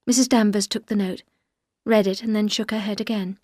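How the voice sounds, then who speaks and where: Woman narrator, clear even reading, dry close studio sound, audiobook. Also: mid-range voice, brisk, no room sound. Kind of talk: scripted audiobook narration for learners.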